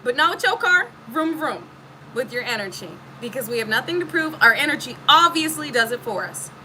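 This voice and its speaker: High bright-voiced woman giving a spiritual reading. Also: big pitch swings, fairly quick, a little hiss or hum, rough recording. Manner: emphatic, profane, preachy. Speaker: spiritual reader. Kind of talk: casual spiritual vlog.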